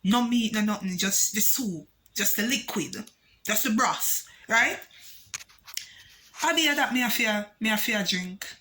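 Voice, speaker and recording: Jamaican woman doing a storytime vlog, bright sharp voice, animated, patois mixed with english. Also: mid-range voice, unhurried, a little hiss or hum. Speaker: vlogger.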